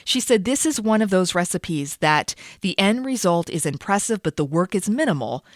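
A woman's voice: lowish voice, expressive, moderate pace, no echo, studio quality. A woman hosting a radio show, chatting casually and laughing easily at herself. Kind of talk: casual chat.

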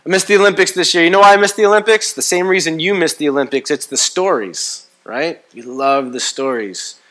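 A man preaching a sermon as pastor, telling stories in a playful, animated way. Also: fairly high pitch, a little fast. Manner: animated storytelling, playful and comic. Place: church.

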